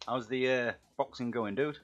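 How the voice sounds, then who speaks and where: A middle-aged man with a rough Yorkshire accent, chatting and bantering with viewers while he paints miniatures on a live stream. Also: mid-range voice, fairly even intonation, moderate pace, a bit bright. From England. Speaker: live-stream hobby host. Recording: dull lo-fi stream audio, faint music.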